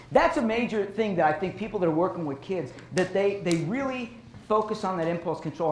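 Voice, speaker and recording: A man giving a storytelling lecture to an audience on violence prevention, animated and repeating phrases for emphasis. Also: high voice. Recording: roomy echo.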